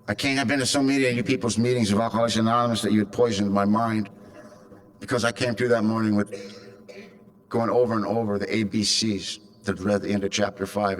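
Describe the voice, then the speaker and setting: A man in his fifties from California, speaking to a convention crowd and telling a raw, darkly funny personal story. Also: fairly low pitch. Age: 50s. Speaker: recovery meeting speaker.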